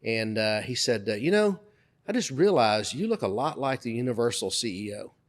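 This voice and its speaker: Middle-aged male co-host, casual chat, animated storyteller who acts out dialogue. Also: fairly low pitch, fairly quick. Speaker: podcast co-host.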